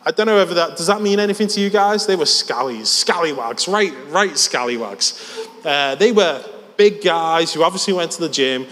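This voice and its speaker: A man's voice: on the high side, normal speed, fairly bright tone. A man preaching a sermon in a church hall, telling a story in a conversational, self-deprecating way. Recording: long church reverb.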